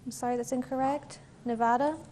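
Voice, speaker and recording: A woman moderating a quiz competition, reading questions and rulings in a measured, formal way with an occasional "um". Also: high-pitched, steady tone, warm tone, a little hiss or hum.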